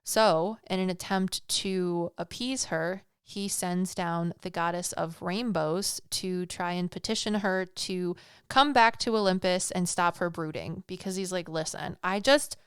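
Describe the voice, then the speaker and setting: A young adult woman hosts a podcast and retells an old myth in a chatty, slangy, playful way. Her voice is very clear and smooth, and the sound is close and dry. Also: fairly low pitch, measured pace, dry recording. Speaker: podcast host.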